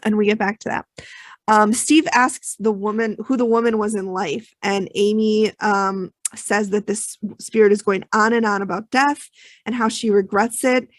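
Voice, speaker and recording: A woman's voice: mid-range voice, steady tone, moderate pace, no room sound. Woman podcast host telling the story of an episode, lots of ums and you knows, dry close mic. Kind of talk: casual chat.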